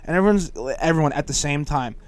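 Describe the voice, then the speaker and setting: A young man co-hosts a loose studio podcast, his voice sitting a little higher than most men's. He rambles through stories, swears freely and keeps stumbling over the starts of his sentences. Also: fast talker. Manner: rambling storyteller, swears often, lots of restarts. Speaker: podcast co-host. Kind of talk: casual chat.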